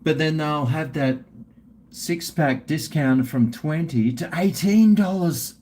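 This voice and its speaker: A man's voice: fairly high pitch, slow pace, darkish tone, slight background noise. A middle-aged Australian man hosting a live stream, rambling and swearing in casual banter with his viewers.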